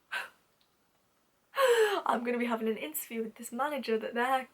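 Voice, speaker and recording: Young British woman, higher voice; chatty, self-mocking storyteller for a vlog. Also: steady tone, fast talker. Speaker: vlogger.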